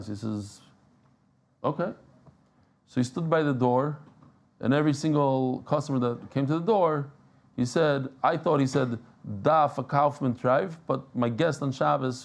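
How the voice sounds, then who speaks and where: A man giving a lively Talmud class, telling stories and joking with the people in the room. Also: mid-range voice, vocal fry. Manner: animated, joking, mixes Yiddish and Hebrew terms. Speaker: daf yomi teacher. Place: class with live audience.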